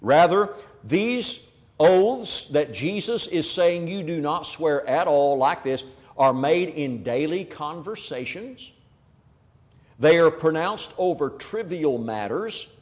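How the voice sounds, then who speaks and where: A man's voice: fairly high pitch, a little mellow. A man preaching a sermon, speaking emphatically and acting out quoted people as he makes his point. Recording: long hall reverb.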